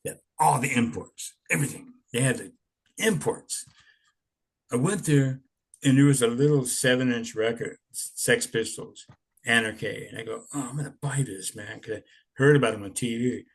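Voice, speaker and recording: A man's voice: mid-range voice, moderate pace, breathy edge. A man in his sixties telling stories in a rambling, laid-back way, swearing often. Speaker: interviewee, punk musician. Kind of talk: casual storytelling.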